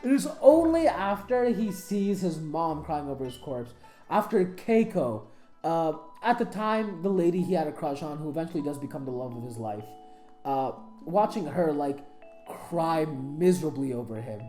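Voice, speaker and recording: A woman giving casual anime commentary, excitable and emotional, swearing freely. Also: sits low, normal speed. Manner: excitable, profane, emotional fan talk. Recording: echoey room, faint music.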